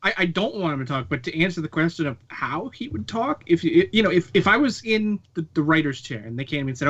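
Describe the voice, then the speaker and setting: A man's voice: on the high side, big pitch swings, fairly quick, hardly any pauses, fairly bright tone, slightly rough, highs cut off. A man in a casual video-call chat, talking emphatically with an exasperated edge.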